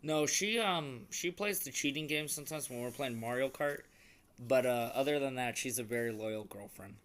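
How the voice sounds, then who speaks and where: A man's voice: medium pitch, normal speed, fairly bright tone. A young man chatting casually on a couple's vlog, earnest and rambling, with many restarts. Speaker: vlogger.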